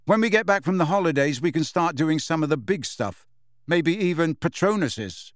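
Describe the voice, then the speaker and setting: A man puts on an awkward teenage schoolboy for an audiobook character voice, sounding eager. He pitches himself a bit higher than his natural voice, though it stays close to everyday speech, animated and at a normal speed. The recording is dry and studio quality.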